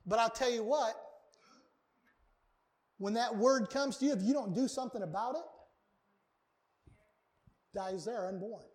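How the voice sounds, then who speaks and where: A man with a very high voice preaching in a church. He talks with earnest emphasis and leans hard on repeated words, the way a pastor drives a point home from the pulpit. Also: a little slow, pauses often. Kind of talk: sermon. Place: church sanctuary.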